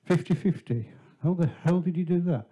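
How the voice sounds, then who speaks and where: A man's voice: on the high side, fairly quick, warm tone. A man introducing a performer to a small live theatre audience, chatty and teasing, telling a joke with quoted voices. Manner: chatty, teasing, tells a shaggy-dog joke. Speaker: venue host introducing the performer.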